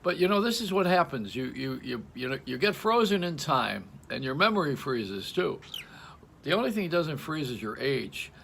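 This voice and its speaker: A man's voice: fairly high pitch, sing-song, normal speed, gravelly, fairly bright tone, slight background noise. An older man hosting, talking in a rambling, joking stream-of-consciousness monologue with frequent laughs, recorded at home. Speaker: radio host. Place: home in Florida.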